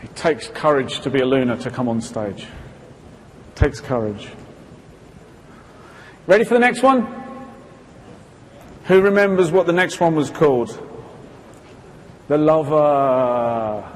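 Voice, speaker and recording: A man's voice: a little high, sing-song, normal speed. A man presenting a live talk to an audience from a stage, asking them questions and acting out little quoted exchanges. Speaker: seminar presenter. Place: stage in a hall. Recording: reverberant hall, faint background hiss.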